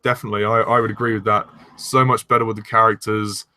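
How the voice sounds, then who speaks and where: A young man chatting casually as a fan reviewer, relaxed and agreeable, steering the conversation. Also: on the low side, fast. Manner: relaxed, agreeable, leads the discussion. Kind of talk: casual chat.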